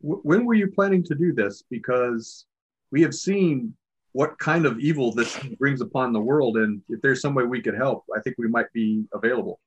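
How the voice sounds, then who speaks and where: A man at a tabletop game plays his healer in a polite, formal manner. His voice is slightly husky, at a middling pitch. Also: normal speed, dull audio. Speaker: player. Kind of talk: in-character role-play.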